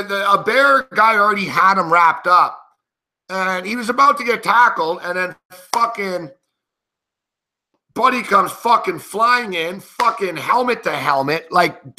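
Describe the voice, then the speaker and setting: A man's voice: high voice, animated, measured pace, bright, forceful tone. A man hosting a sports betting show, giving live game commentary in an angry, profane, indignant rant.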